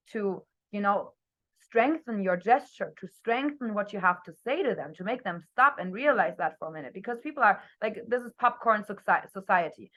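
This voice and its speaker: A young woman coaching her team on a video call, talking energetically and expressively, her voice swinging between loud and soft. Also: mid-range voice, lively intonation, a little fast, muffled recording. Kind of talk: motivational talk on a group video call.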